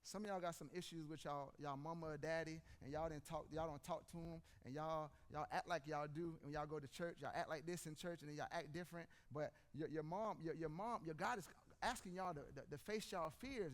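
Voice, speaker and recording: A man's voice: a little high, a little fast, few pauses. A man, telling stories and addressing the congregation directly. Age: 40s. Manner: animated storytelling, addresses audience directly. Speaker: preacher. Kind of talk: conversational sermon.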